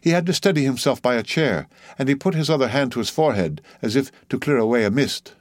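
A man narrating a novel in a measured, even storytelling voice. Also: mid-range voice, no room sound, clean studio sound. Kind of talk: audiobook narration.

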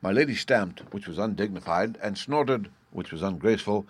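A man narrating a storybook in a measured, even reading. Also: on the low side, breathy edge.

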